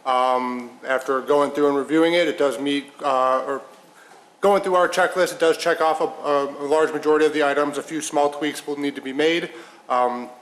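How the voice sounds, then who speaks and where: Flat-voiced male engineer. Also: fairly high pitch, normal speed, rough recording. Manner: hesitant, many fillers. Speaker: village engineer. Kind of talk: staff report at a public meeting.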